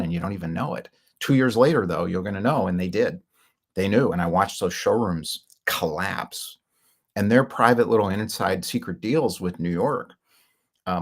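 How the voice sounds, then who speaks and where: A middle-aged man talks through his own story in a loose, candid monologue, full of fillers and asides. His voice sits fairly low, with a gravelly, husky edge to it. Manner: rambling and candid, with filler words and short laughs. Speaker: founder telling his business story. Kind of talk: casual monologue.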